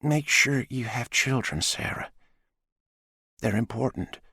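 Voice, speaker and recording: A male audiobook reader voicing a calm, philosophical female robot that speaks slowly and deliberately. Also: medium pitch, creaky, slightly rough, no echo, studio quality, exaggerated voice. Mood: weary, resigned. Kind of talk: audiobook character voice.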